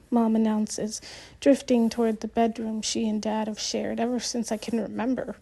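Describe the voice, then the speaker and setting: A woman narrating an audiobook in the first person, reading gently with the odd restart. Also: a little high, little pitch movement, moderate pace, gravelly.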